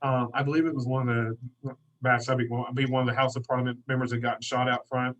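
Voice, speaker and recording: American man, podcast guest, fast talker, mid pitch, chatty anecdotes, casual. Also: poor audio. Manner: lively anecdote-teller, chatty and friendly. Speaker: podcast guest, detailing business owner. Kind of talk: casual chat.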